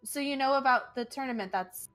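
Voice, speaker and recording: A woman's voice: sits high, brisk, a bit bright, soft background music. A woman playing a tabletop game, speaking in a hesitant, polite way with lots of fillers.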